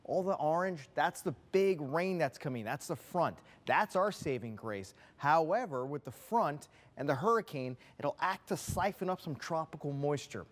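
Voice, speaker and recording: A man presenting the weather on a local TV newscast, talking viewers through maps in a brisk, conversational way. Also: fairly high pitch. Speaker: TV weather forecaster. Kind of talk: broadcast weather forecast. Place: TV news studio.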